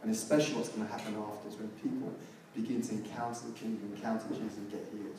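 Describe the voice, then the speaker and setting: A man preaching a sermon, telling a story and rising to loud, emphatic peaks. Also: fairly low pitch, flat delivery, racing, heavy background noise. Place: large church hall. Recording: echoey church hall, mic at a distance.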